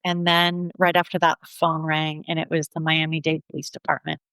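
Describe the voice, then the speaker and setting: A middle-aged woman telling her personal story in an interview, earnest and steady, often acting out the back-and-forth of conversations. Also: low-pitched, vocal fry, clear, resonant tone, no room sound, rough recording. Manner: earnest, reenacts dialogue in quick back-and-forth. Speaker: guest, bereaved mother.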